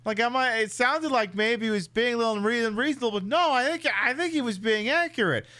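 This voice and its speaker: Rambling, profane high-voiced streamer. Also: male voice, brisk, bright, forceful tone. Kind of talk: casual live-stream commentary.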